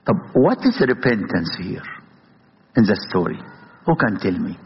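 Brief: male priest with an Egyptian accent, Arabic native speaker, husky, lively pitch, impassioned sermon, dull lo-fi sound. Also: a little slow, slight background noise. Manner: impassioned, many rhetorical questions. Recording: dull, echoey hall.

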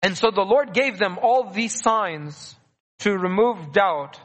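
Guy preaching a sermon, pretty high voice, keeps repeating lines to drive them home, big echoey hall. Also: lively intonation, slow, fairly bright tone. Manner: earnest, repeats key phrases for emphasis. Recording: long reverb of a large hall.

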